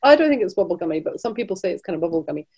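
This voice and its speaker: A woman's voice: fairly low pitch, very animated, racing, warm tone, husky. Scottish woman, guest on a travel podcast, conversational with lots of restarts. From Scotland. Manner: chatty, restarts often, laughs between points. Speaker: travel business director, guest. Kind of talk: casual interview chat.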